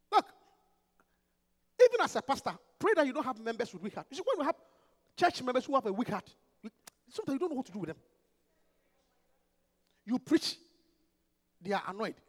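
A man, a pastor preaching an emphatic, animated sermon full of rhetorical questions. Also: extremely high pitch, in a large hall.

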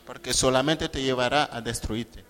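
A man's voice: mid-range voice, steady tone, fairly quick, fairly bright tone. A man interpreting a sermon phrase by phrase, following closely behind the preacher. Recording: echoey hall.

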